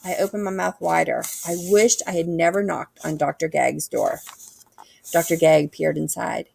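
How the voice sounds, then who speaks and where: A woman reading a children's book aloud with lively, animated storytelling. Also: lowish voice, normal speed, creaky, dry recording. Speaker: reader.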